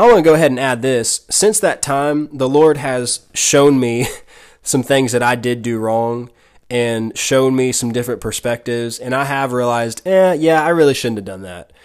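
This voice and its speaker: A man hosting a devotional podcast, talking earnestly and directly to the listener in a preacher-like way. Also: medium pitch. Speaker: podcast host.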